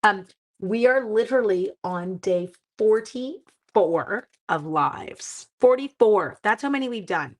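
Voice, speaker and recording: Slightly hoarse chatty woman live-streaming. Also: mid-range voice, lively intonation, takes it slowly. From Canada. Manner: chatty, self-mocking, talks to viewers while working. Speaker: papercraft live-stream host. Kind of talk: casual live-stream chat while crafting.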